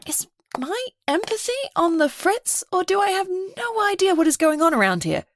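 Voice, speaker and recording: A woman playing an empathic alien ship's doctor who speaks crisply, with dry sarcasm, in an audio drama. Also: extremely high pitch, big pitch swings, moderate pace, heavily acted. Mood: brisk.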